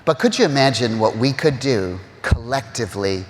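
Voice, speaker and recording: A man telling personal stories in an emotional, conversational way, often pausing with "you know" and close to tears at times. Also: medium pitch, animated. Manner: heartfelt, choked up at times, many "you know" fillers. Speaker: interview guest, real estate agent. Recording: roomy reverberant hall.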